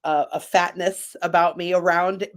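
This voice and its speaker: A man's voice: sits high, level tone, moderate pace, fairly bright tone. Rambling, chatty man on a talk show. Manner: chatty, rambling with frequent restarts. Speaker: guest. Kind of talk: candid casual chat.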